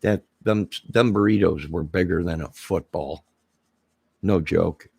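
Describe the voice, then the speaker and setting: A man's voice: low voice, unhurried, vocal fry, a little mellow, breathy edge, no room sound. A man chatting casually on a livestream, rambling and joking as he answers viewers' comments. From Illinois, near Chicago.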